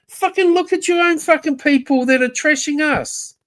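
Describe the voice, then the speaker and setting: A woman's voice: sits high, animated, moderate pace, a bit bright. Furious swearing New Zealand woman. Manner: heated, swearing constantly, jabbing at named people. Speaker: livestream chatter. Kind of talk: angry profane rant.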